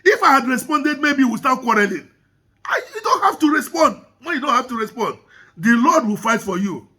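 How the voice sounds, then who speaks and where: A man's voice: very high voice, sing-song, moderate pace, bright, forceful tone, husky. A man preaching a sermon in church, emphatic and repeating his key lines.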